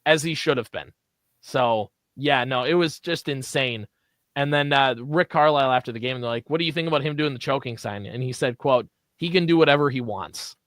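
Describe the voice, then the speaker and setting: A man co-hosting a morning sports radio show runs a quiz game, teasing his partner and drawling the clues out slowly in casual banter. His voice is medium-pitched with a fairly bright tone, and there's no echo.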